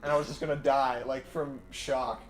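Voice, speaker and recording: A man's voice: medium pitch, normal speed, music in the background. Laughing young man telling wild stories. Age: young adult. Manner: animated storyteller, swears freely, laughs through his stories. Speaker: podcast host. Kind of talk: casual chat.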